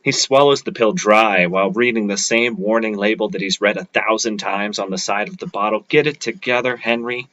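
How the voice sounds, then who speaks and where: A man reading his own short story aloud at an open mic, with a steady, measured delivery. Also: lowish voice. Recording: dull lo-fi livestream audio.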